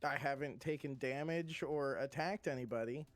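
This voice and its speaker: A man's voice: medium pitch, moderate pace, faint music behind. Matter-of-fact man at a game table. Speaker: player.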